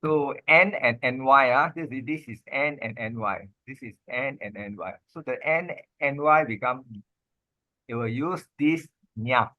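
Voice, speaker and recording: A man, teaching Pali grammar in an informal lesson, halting and repeating himself, with many "ah" and "lah" fillers. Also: medium pitch, no room sound, dull audio.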